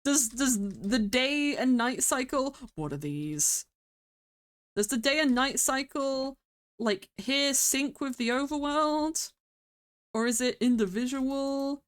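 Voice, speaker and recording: A woman's voice: high-pitched, lively intonation, slow. A woman streaming a game, chatting casually, thinking aloud and laughing often.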